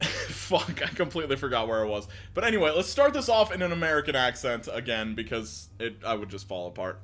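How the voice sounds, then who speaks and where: Giggly, swearing male streamer with lively pitch. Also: brisk. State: out of breath. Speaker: live streamer. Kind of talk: casual live-stream chat and story reading. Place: home, near a bathroom.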